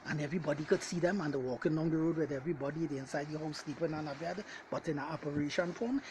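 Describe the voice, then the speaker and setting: A man delivering a preaching message as a self-styled Bible teacher, talking straight to his listeners, hammering his points with repeated refrains and calling them ladies and gentlemen. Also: a little high, very fast, few pauses, a little hiss or hum, rough recording.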